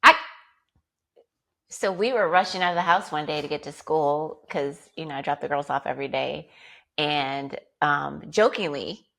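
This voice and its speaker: A woman co-hosting a podcast, telling everyday parenting stories in a relaxed, conversational way. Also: low voice, moderate pace, gravelly. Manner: relaxed conversational storytelling, frequent agreeing. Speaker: podcast co-host. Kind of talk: casual chat.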